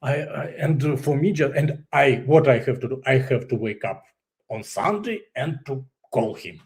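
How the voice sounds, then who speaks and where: A man from Russia with a Russian accent, a guest telling his personal story candidly in English, his second language, pausing to search for words and laughing often. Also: medium pitch, lively intonation, gravelly, darkish tone.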